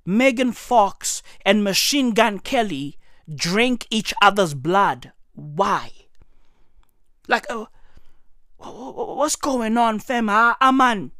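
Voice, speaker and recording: Comic ranter, woman, incredulous, dry close sound, swooping lively delivery. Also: mid-range voice, slow, no room sound. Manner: incredulous, exaggerated, swings into shouting. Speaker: comedic commentator. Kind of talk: comedic rant to camera.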